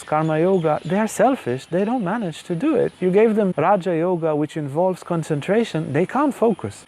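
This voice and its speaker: A man's voice: high-pitched, vocal fry, mellow, pitched above the performer's own voice. A man voicing a goddess wife who complains and pleads on behalf of humanity, in a storytelling lecture.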